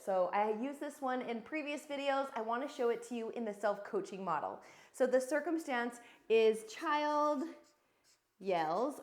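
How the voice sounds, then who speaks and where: A woman in her thirties, a coach giving an earnest, encouraging lesson in a casual teaching talk. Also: a little high.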